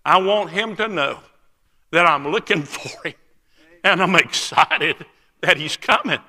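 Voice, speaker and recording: An older man in broken English, pitched high and talking fast with breathless urgency, as a preacher puts him on. His voice rings out bright and loud and trails off into the long echo of a big church hall. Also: expressive. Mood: elated.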